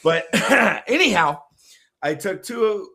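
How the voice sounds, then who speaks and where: Man, 30s, casual podcast co-host, lively swooping pitch, bright forceful tone, animated storyteller. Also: slow pace. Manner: animated storyteller, acts out voices with shouts. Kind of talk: casual chat.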